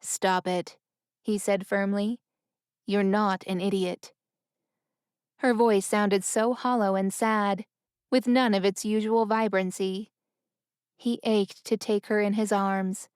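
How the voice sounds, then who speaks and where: Smooth-voiced woman narrating an audiobook. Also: medium pitch, steady tone, a little slow, darkish tone, no room sound, studio quality.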